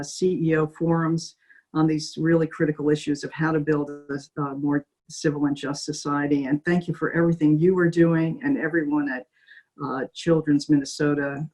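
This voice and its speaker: A middle-aged woman hosting an interview, speaking haltingly with many fillers and restarts. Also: deep voice, a little mellow, low-quality recording. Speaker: interviewer host. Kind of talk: video call interview.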